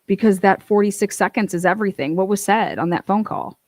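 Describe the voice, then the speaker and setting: A woman's voice: medium pitch, fairly quick, darkish tone, dry recording. A woman giving casual true-crime commentary, blunt and incredulous, swearing freely.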